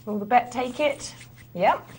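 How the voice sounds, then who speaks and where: A woman's voice: fairly high pitch, unhurried, a little mellow, husky. A woman co-hosts live poker commentary, keeping a playful, banter-filled manner. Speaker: poker co-host.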